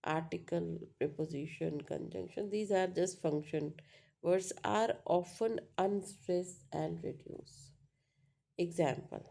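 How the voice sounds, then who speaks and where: A woman teacher giving a slow online lecture, explaining step by step with many fillers and frequent checks for understanding. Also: lowish voice, creaky, warm tone. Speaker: English teacher.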